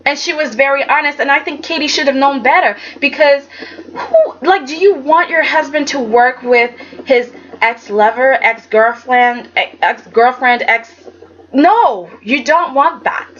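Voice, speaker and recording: High-voiced woman chatting, lo-fi. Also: unhurried. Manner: animated, chatty, acts out quotes in dramatic voices. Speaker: soap opera reviewer. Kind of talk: casual chat. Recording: dull lo-fi sound with faint background noise.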